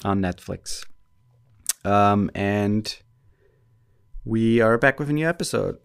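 A man's voice: fairly low pitch, slow pace, gravelly, clear, resonant tone. A man co-hosting a relationship podcast, chatting casually, joking and rambling with lots of fillers. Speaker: podcast co-host.

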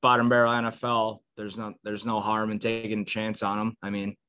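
A man's voice: lowish voice, little pitch movement, brisk, pushed and bright, clear, resonant tone, no room sound. A man joining a sports podcast as a guest, making short, blunt remarks in casual chat.

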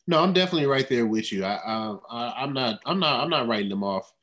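A man's voice: mid-range voice, expressive, fast, a bit bright. Laid-back man on sports talk. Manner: laid-back, trails off, laughs along. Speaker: co-host, former player.

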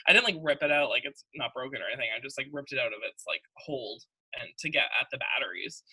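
A woman's voice: low-pitched, fast talker, few pauses, sharp tone, breathy edge, low-quality recording. A young Canadian woman co-hosting a podcast, chatting casually, laughing often and filling her talk with "like". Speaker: podcast co-host. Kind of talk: casual chat.

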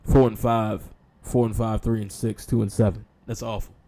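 A man's voice: on the low side, little pitch movement, normal speed, warm tone. A man hosting a sports talk show, speaking casually with sarcastic, mock-apologetic humor and frequent y'all.

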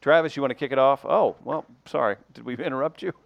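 A man's voice: medium pitch, gravelly, highs cut off. A man hosting a podcast, chatting casually and reading a sponsor plug. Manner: halting, restarts, then breezy sponsor read. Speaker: podcast host.

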